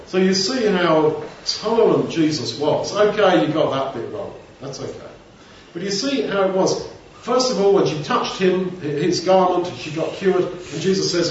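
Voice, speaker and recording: A man's voice: sits high, lively intonation, normal speed, few pauses, a little hiss or hum. A man giving an informal Bible teaching, talking conversationally with rambling asides. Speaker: preacher. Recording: echoey room, distant mic, dull sound.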